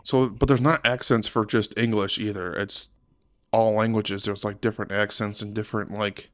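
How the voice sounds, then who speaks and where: A man's voice: lowish voice, steady tone, normal speed, fairly bright tone, no echo, clean studio sound. A young man hosting a casual podcast chat, rambling and playful. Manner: rambling, playful, mock accents. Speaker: podcast host.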